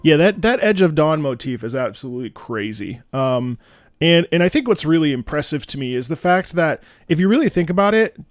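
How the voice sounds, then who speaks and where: A man's voice: a little high, animated, moderate pace, no room sound, clean studio sound. A man hosting his channel, casually explaining music and humming melodies on "da" syllables, with enthusiasm and frequent restarts. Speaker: channel host.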